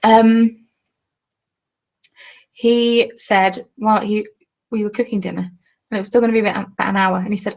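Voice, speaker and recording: A woman's voice: mid-range voice, steady tone, moderate pace, gravelly, long pauses, darkish tone, rough recording. A young southern English woman chatting casually on a craft live stream at home, joking and reading viewer comments aloud. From England. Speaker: craft vlogger. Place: at home, seated. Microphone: webcam.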